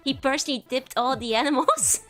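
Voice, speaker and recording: A woman's voice: high voice, fairly quick, fairly bright tone, faint music behind. A woman streamer giggling and chatting as she reads a game text aloud on a casual livestream. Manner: giggly and chatty, laughs often between lines.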